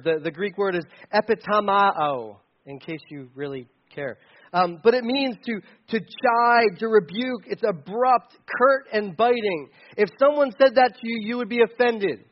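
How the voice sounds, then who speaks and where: A man preaching a sermon in a conversational, animated way, sometimes shouting for emphasis. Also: sits high, dull audio. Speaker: pastor.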